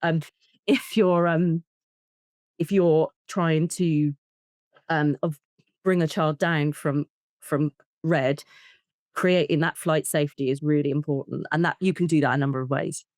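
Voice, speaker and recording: A woman, a therapist, talking in an interview, explaining with lively examples and acting out short bits of dialogue. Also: deep voice, a little slow, pauses often, no room sound, clean studio sound. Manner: animated, acts out child and parent voices in examples. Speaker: attachment and trauma therapist, guest. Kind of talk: conversational interview.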